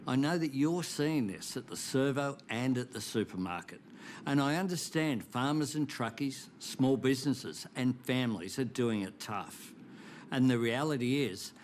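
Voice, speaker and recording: Brief: Australian political leader, steady formal address, faint hiss behind. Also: male voice, medium pitch. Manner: measured, reassuring.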